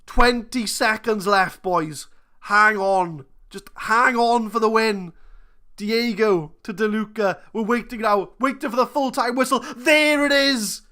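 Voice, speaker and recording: A woman hosting a gaming channel, commentating her football management game live, thinking aloud and swinging between muttering and shouting. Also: fairly high pitch, unhurried.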